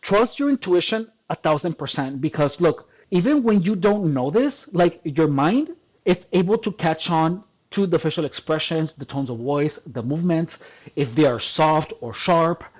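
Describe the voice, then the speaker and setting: A man's voice: fairly high pitch, expressive, moderate pace, a little mellow, low-quality recording. A man talking straight to the camera in a casual monologue, emphatic, often repeating and restarting his phrases. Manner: addresses listener as dude and man. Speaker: personal trainer vlogger.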